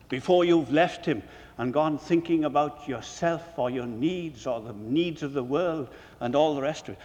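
A man preaching to fellow preachers with emphatic rhetorical questions, his voice soaring and then dropping to a hush. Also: on the high side, expressive, normal speed. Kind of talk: sermon lecture. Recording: long reverb of a large hall.

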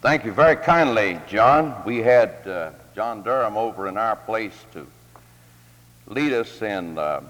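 A pastor from North Carolina, starting a sermon in a relaxed, halting way. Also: male voice, fairly low pitch. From North Carolina, United States. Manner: slow, relaxed, halting delivery. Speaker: pastor and guest speaker. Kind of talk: informal sermon opening. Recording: long hall reverb.

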